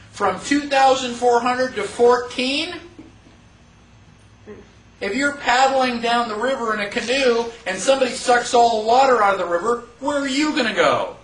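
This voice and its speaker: A man with an extremely high, fairly bright voice teaches a live class conversationally, tossing rhetorical questions to the room and acting out quick mock quotes. He's recorded from far off in an echoey room with slight background noise.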